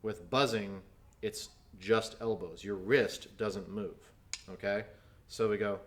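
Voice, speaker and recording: A man's voice: lowish voice, steady tone, slow pace, heavy background noise. A man teaching snare drum in a video lesson, explaining technique patiently and counting aloud as he demonstrates.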